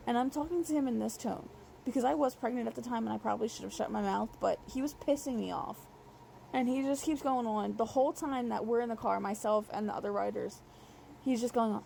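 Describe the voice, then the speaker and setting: Young woman, casual storytime rant, profane and exasperated, slightly high voice, vocal fry. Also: brisk, warm tone, a little hiss or hum, low-quality recording. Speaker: vlogger telling a rideshare story.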